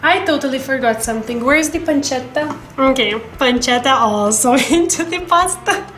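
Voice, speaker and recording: A woman cooking and tasting food on her vlog, talking to the camera in a gushing, excitable way. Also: moderate pace, roomy sound, over music. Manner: gushing, excitable, breaks into squeaky voice. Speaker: cooking vlogger. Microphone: camera mic, some distance away.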